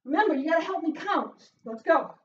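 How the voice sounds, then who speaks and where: A woman leading a home workout as a fitness instructor, cheering with loud whoops and getting out of breath as she exercises. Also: very high-pitched, animated, a little fast. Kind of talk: live workout coaching. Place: small closed room at home. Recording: roomy, distant, dull sound.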